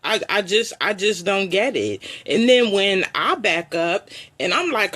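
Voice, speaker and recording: A woman's voice: fairly high pitch, sing-song, unhurried, fairly bright tone. A woman hosting a live online show, venting her frustration in an emotional, repetitive personal rant.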